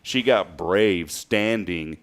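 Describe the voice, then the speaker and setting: A man's voice: low voice, slow pace. A man in his late thirties hosting a show, telling stories in a casual, chatty way and laughing often. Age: late 30s. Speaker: podcast host. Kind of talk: casual chat.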